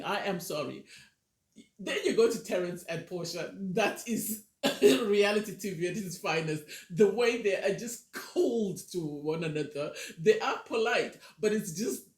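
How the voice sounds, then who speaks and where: A woman casually reviewing a reality TV episode, animated and ranting, often acting out what people said. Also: on the low side. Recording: roomy echo.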